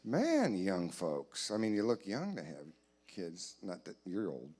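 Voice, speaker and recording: A man doing comedy crowd work in a church hall, teasing audience members in quick banter. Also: sits low, huge pitch swings, darkish tone, slightly rough. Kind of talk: live stand-up crowd work.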